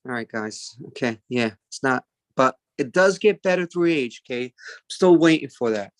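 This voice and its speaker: A man's voice: mid-range voice, animated, normal speed, no echo. A man in his forties doing a stand-up routine, rambling and chatty, with lots of fillers and asides. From Italian-American. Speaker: stand-up comedian.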